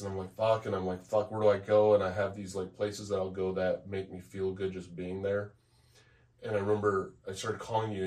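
A man co-hosting a podcast, telling a personal story in a blunt, profane, halting way, with many restarts. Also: deep voice, darkish tone, recorded from a distance. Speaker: podcast co-host. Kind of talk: candid conversational storytelling.

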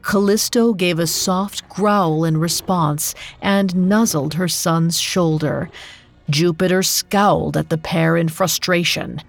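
A woman narrating a myth as scripted storytelling, in a slow, measured way. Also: lowish voice, steady tone, creaky. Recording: dry studio with faint music.

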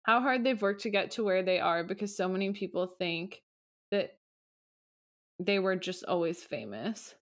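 A young woman co-hosts a podcast in a relaxed, chatty way. She gushes freely and breaks into laughter often, with a voice of ordinary pitch. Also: normal speed. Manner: giggly, gushing, laughs often. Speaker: podcast co-host. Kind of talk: casual podcast chat reading listener answers.

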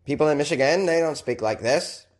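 A man's voice: on the high side, lively intonation, brisk, pitched above the performer's own voice, close to an everyday voice. A man voicing a middle-aged male police lieutenant with a put-on Maine accent, in a mock-serious tone.

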